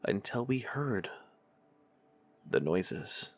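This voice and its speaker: A man hosting a horror podcast, reading a first-person scary story in a measured, drawn-out storytelling delivery. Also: fairly low pitch, sing-song, faint music behind.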